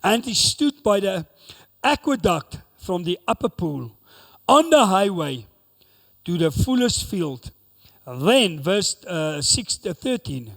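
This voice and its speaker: Male pastor, high and very animated delivery, preaching in a long-reverb church hall. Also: unhurried. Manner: preaching with bursts of intensity, dramatic voiced quotes. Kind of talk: sermon.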